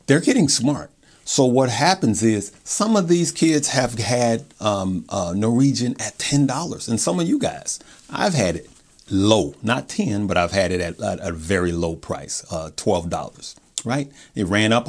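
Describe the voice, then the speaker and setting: A man's voice: fairly low pitch, slightly rough. A man hosting his own stock market video, talking in a hyped, rambling way that breaks off and restarts. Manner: hyped, rambling, self-interrupting. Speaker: stock market channel host. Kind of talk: casual investing video talk.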